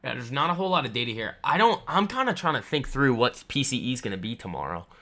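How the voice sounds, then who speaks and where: A man's voice: mid-range voice, big pitch swings, fast, sharp tone. A man hosting a live trading stream, talking casually and a little boastfully about stocks while answering viewers' comments. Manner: chatty and boastful, lots of fillers. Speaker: trading livestream host. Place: home room.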